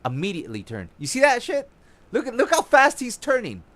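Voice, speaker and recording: A young man giving casual, excited tutorial commentary on his own gameplay, swearing now and then as he demonstrates moves. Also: very high voice, brisk. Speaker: gaming YouTuber.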